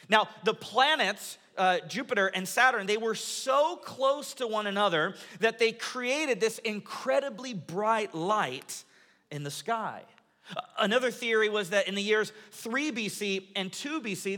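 A high-pitched man in his thirties, a pastor, preaches a sermon to his congregation like an animated storyteller. He's in a large church auditorium, and the recording carries the long reverb of a big hall.

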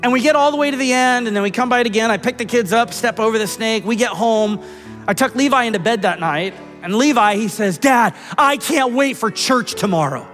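A high-voiced man preaching in a church sanctuary, his words trailing into a long hall reverb. He speaks earnestly and conversationally, often repeating a word as he goes. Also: fast, a bit bright, faint music behind. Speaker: pastor. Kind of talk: sermon with personal story.

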